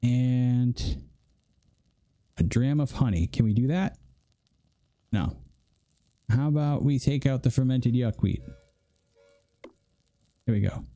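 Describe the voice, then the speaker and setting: A man's voice: mid-range voice, slow, long pauses, dark tone. A man streaming a video game, chatting and joking in rambling asides as he plays. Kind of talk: casual gameplay commentary.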